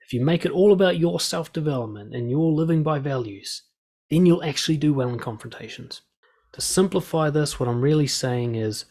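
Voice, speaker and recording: A man with a gravelly, slightly husky voice gives blunt, direct advice and swears freely. He talks straight to the listener and acts out quoted lines as he goes. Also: a little high, expressive, fairly quick, darkish tone. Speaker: dating and confidence coach.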